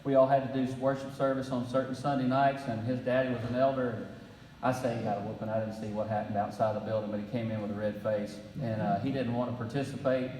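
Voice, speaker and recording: A man's voice: mid-range voice, little pitch movement, fast, darkish tone, a little hiss or hum. Man telling stories in a roomy hall. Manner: storytelling, folksy, with dry humor. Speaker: breakfast speaker. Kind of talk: faith-based leadership talk. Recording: roomy hall, distant mic.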